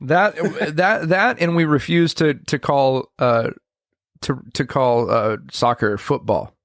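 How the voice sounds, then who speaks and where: A man's voice: mid-range voice, slow, no echo, clean studio sound. An American man hosting a podcast, teasing his guest playfully and laughing often. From United States. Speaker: podcast host, magician. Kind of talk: casual podcast chat.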